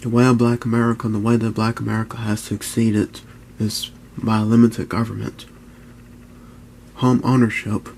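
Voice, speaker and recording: Man in his twenties whispering low. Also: level tone, gravelly, a little mellow, slight background noise. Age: 20s. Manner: whispering and speaking low, halting, with restarts. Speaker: YouTuber. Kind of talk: hushed vlog talk. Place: at home, indoors.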